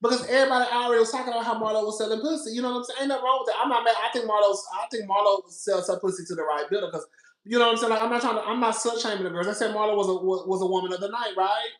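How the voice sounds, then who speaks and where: A podcast host with a high, steady, slightly bright voice talks rapid-fire in an echoey room, giving casual reality TV commentary. He's sassy, laughs a lot, repeats himself, and calls listeners "girl."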